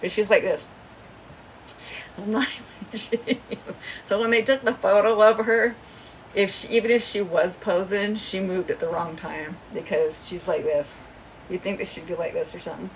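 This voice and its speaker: Woman, livestream host, rambling gossip, fry in the voice, faint background noise. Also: medium pitch, fairly even intonation, moderate pace, recorded from a distance, poor audio. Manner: rambling, chatty, often laughing. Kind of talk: casual gossipy storytelling. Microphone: phone.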